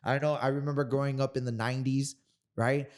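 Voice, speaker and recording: A man in his thirties from Miami, a guest telling stories in a casual interview, animated and profane. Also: medium pitch, brisk. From Miami, Florida. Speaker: guest kickboxer.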